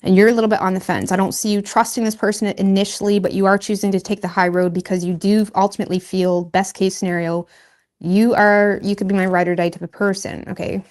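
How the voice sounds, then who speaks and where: A woman's voice: medium pitch, little pitch movement, fast talker, darkish tone. A woman giving a casual tarot reading, chatty and loose, laughing at herself and filling her talk with "like" and "you know". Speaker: tarot reader.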